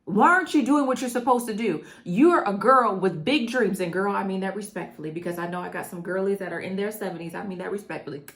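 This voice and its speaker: A woman's voice: medium pitch, fast, few pauses, a bit bright. A middle-aged woman coaching her viewers on mindset, talking straight to them in an emphatic, preachy way that keeps repeating phrases. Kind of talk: motivational talk to camera.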